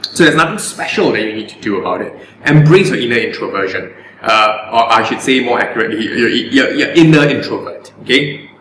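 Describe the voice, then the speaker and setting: A man's voice: mid-range voice, expressive, fairly quick, a bit bright, roomy sound, a little hiss or hum, rough recording. A man coaching on public speaking in a live Q&A, earnest and often repeating words as he finds his phrasing. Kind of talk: live stream Q&A.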